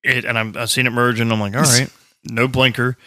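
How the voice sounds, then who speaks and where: A man holds forth in loose, foul-mouthed podcast banter, laughing between his rants. His voice has a bright, tense edge. It is recorded dry and close, with no room sound. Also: mid-range voice, flat delivery, a little fast, no echo. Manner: profane, ranting, laughs often. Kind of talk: casual chat.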